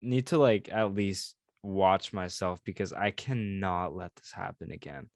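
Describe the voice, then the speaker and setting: A man in a casual chat, talking in a relaxed, slangy way with lots of "like" and "yo". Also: sits low, unhurried, gravelly, dry recording, studio quality. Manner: relaxed, slangy, says "like" and "yo" often. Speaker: podcast host.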